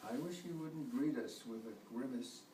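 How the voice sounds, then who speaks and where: An older man voicing a gentle male jellyfish in a picture book, chiding in slow rhyme. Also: medium pitch, lightly acted. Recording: echoey distant home recording with noise.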